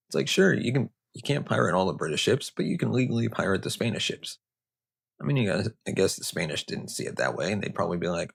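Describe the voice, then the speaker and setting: A man's voice: deep voice, very animated, fast talker, creaky, slightly rough. A man hosting a history show, narrating with joking, conversational asides. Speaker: host.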